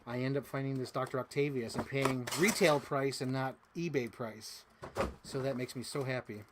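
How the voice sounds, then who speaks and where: A young man chatting casually as a toy collector, rambling, excitable and swearing freely. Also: medium pitch, moderate pace, very noisy. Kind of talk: casual unboxing chat.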